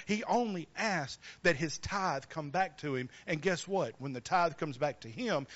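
A man's voice: high-pitched, a bit bright, muffled recording. A man preaching a sermon, emphatic and calling out questions to the congregation.

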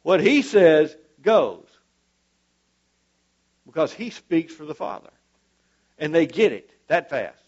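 A man's voice: a little high, sing-song, takes it slowly, long pauses, darkish tone, highs cut off. A man preaching a sermon to a church congregation, fervent and emphatic, repeating his points for weight.

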